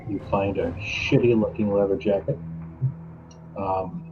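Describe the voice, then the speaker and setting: A man's voice: fairly low pitch, steady tone, unhurried, darkish tone. A man running a tabletop game as game master, narrating in a laid-back, chuckling way. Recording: dull lo-fi stream audio with faint music.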